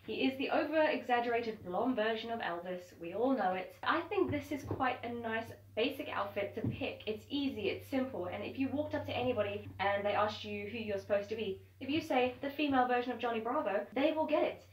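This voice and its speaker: A woman's voice: a little high, brisk, few pauses. A young woman vlogging at home, talking to camera in a chatty, upbeat way. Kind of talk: casual to-camera chat. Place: at home indoors. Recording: roomy sound from a distance.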